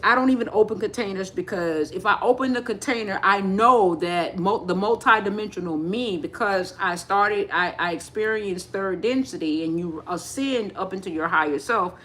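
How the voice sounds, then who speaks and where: A woman's voice: mid-range voice, moderate pace, few pauses, bright, forceful tone, a little hiss or hum. A woman giving a live spiritual talk, rambling with many restarts and speaking straight to her listeners. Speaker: spiritual teacher.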